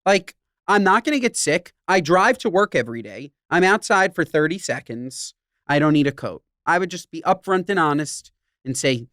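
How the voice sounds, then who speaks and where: Blunt, animated male podcast host. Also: a little high, moderate pace, no room sound, studio quality. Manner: blunt, emphatic. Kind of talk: casual chat.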